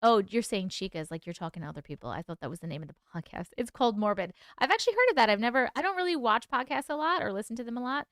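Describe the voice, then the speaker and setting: A woman's voice: fairly high pitch, expressive, rapid-fire, few pauses, a bit bright, no echo, clean studio sound. Chatty woman host reading live chat. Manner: chatty, laughs often, reacts to chat aloud. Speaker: livestream host and author.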